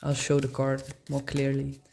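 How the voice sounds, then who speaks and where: A woman's voice: rumbling low, completely flat delivery, moderate pace, creaky, dark tone, slight background noise. A woman giving a casual tarot reading, musing aloud in slang and laughing often. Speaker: tarot reader.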